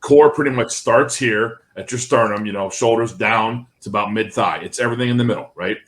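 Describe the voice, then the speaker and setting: A man's voice: mid-range voice, brisk. A man co-hosting a podcast, chatting casually and checking in with "right?" and "you know.". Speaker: podcast co-host.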